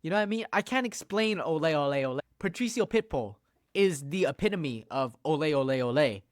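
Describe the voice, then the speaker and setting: A young man talks on his own channel in a loose, slangy ramble, swearing freely as he ranks things. His voice sits a touch high for a man. The sound is dry and close, with no room around it. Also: animated, fairly quick, no room sound. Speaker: YouTuber. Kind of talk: casual ranking commentary.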